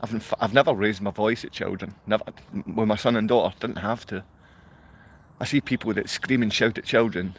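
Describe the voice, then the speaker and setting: A middle-aged Glaswegian man from Scotland hosts a rambling, emotional livestream monologue, laughing often. His voice is fairly low with a breathy edge and fairly even intonation, and he talks a little fast.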